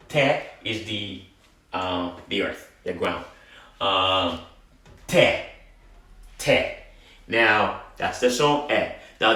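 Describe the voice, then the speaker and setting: Slow, patient man teaching in an echoey room. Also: medium pitch, a bit bright, far from the mic. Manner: slow, patient, repeats sounds for drilling. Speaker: language teacher. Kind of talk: classroom-style lesson. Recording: very echoey room, speaking off-mic.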